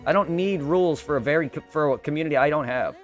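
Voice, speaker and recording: Brief: male streamer, fairly high voice, heated profane venting, soft music underneath. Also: fast. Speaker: game streamer. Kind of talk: live stream rant.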